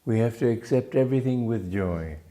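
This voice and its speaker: A man from Romania, a spiritual teacher giving a gentle, unhurried reflective talk with small restarts. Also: medium pitch, animated.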